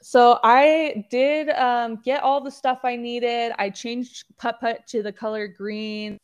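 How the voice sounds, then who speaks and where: A young woman chats casually as a podcast co-host, her voice sitting a bit high. She giggles often between phrases and keeps the talk loose and rambling. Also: fairly even intonation, takes it slowly, clean tone, muffled recording. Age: young adult. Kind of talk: casual chat.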